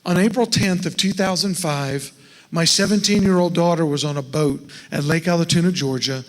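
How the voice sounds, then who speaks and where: A middle-aged man with a high voice gives a folksy seminar talk to a church congregation. He keeps putting questions to his listeners as he goes. His voice rings out with a long reverb off the sanctuary walls. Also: moderate pace. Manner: folksy, asks the audience questions. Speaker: estate planning speaker at a church.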